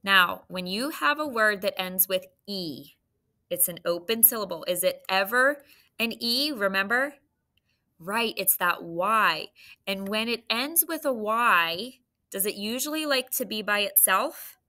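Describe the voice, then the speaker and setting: An adult woman teacher giving a recorded phonics lesson, dictating slowly and prompting students with questions. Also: medium pitch, lively intonation, bright, forceful tone.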